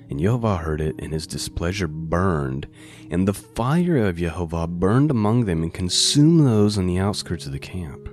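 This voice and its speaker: A man's voice: sits low, animated, moderate pace, darkish tone, soft background music. A man teaching a bible passage on a podcast in a conversational way, often checking in with the listener. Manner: conversational, asks the listener "right?" and "okay?".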